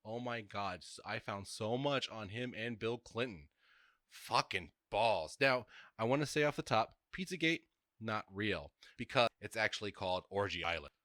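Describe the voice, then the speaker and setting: A man's voice: lowish voice, expressive, normal speed, a bit bright, dry recording, clean studio sound. A man co-hosting a casual podcast over a video call, ranting with heavy swearing. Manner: profane, heated ranting. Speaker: podcast co-host.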